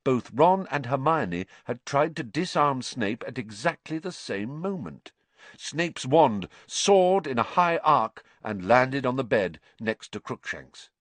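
A man reads a story aloud as narrator, with expressive delivery. His pitch moves a great deal through each sentence. The recording is close and dry. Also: slow, no room sound. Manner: expressive reading. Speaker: audiobook narrator. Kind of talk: scripted narration.

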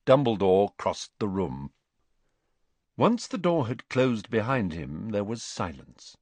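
A man narrating a fantasy novel in a measured, expressive way. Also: fairly low pitch, no room sound. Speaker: audiobook narrator. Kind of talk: scripted narration.

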